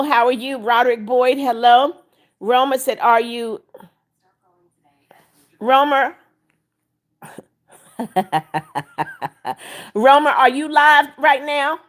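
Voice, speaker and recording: An older woman hosting a live stream, reading viewer comments aloud, greeting people by name and firmly scolding rule breakers. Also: sits high. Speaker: livestream host.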